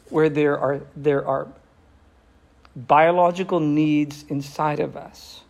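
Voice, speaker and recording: A man preaching a sermon with passion, slowing down for emphasis and dropping almost to a whisper at times. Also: on the high side, vocal fry, a little mellow. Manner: impassioned, slows down for emphasis, drops to near whisper.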